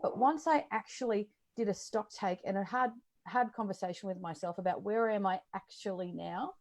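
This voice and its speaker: Encouraging woman co-host, mid-pitched, casual chat with fillers. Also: moderate pace, a little mellow. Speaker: co-host and coach.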